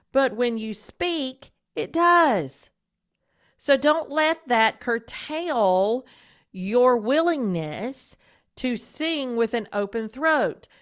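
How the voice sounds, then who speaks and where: A woman who hosts a podcast and teaches voice, coaching listeners in a steady instructional monologue and often asking them direct questions. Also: a little high.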